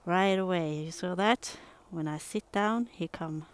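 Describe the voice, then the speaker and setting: A woman with a Norwegian accent, chatting casually and softly while walking her dog outside in the snow, often close to a whisper, talking fondly to the dog. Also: on the low side, a little slow, smooth. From Norway. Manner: soft and cooing, often near a whisper, fond baby talk to a dog. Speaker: dog owner vlogger. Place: outdoors in snow and wind. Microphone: phone held while walking.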